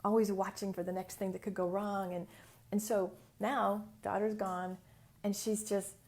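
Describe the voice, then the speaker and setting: A woman hosting a casual solo podcast, chatty and animated as she tells a client story. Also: mid-range voice, moderate pace. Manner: chatty and animated, acts out voices in quotes. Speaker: business mentor and podcast host.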